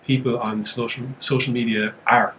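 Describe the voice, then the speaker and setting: Guy on a horror podcast, mid-pitched, opinionated, quick takes, a bit of hiss behind. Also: flat delivery, a bit bright, poor audio. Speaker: podcast co-host. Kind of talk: casual chat.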